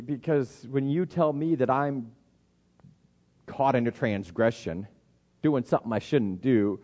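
A middle-aged man preaching a sermon, conversational and often restarting his words, acting out inner voices in a raised pitch. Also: darkish tone. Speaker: pastor.

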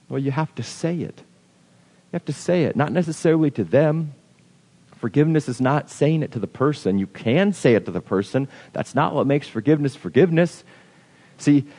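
A man's voice: on the high side, darkish tone. Conversational male preacher in a reverberant hall. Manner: conversational, acts out imagined objections. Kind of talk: sermon.

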